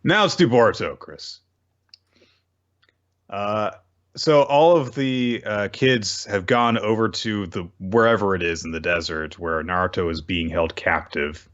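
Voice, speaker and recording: A man with a low, deep voice talks through a manga chapter in a loose, casual podcast recap. He wanders, restarts his sentences and tosses in side comments as he goes. The audio is slightly dull and lo-fi. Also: a little slow, a bit bright. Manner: rambling, self-correcting retelling with asides.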